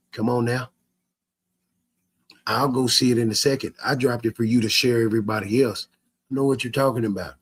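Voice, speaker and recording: Man, husky voice, live-stream rant, profane, stammering restarts. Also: mid-range voice. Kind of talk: ranting live stream to chat.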